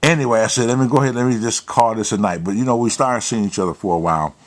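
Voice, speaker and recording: A man hosting a casual show, telling a personal story in profane, animated style with quoted dialogue, then giving emphatic advice. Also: medium pitch, racing.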